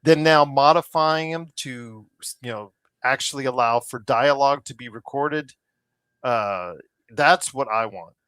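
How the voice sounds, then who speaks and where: A man on a remote call mic co-hosts a laid-back podcast, rambling through fillers and restarts and clearly weary of online controversies. His medium-pitched voice is fairly bright, clear and resonant, unhurried, in a dry recording.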